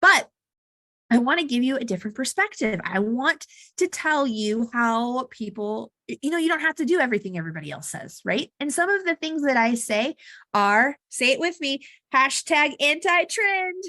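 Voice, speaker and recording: A woman's voice: on the high side, big pitch swings, normal speed, sharp tone, no room sound, clean studio sound. A woman giving casual marketing advice to camera, chatty and blunt, with frequent asides. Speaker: marketing coach. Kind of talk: casual talking-head vlog advice.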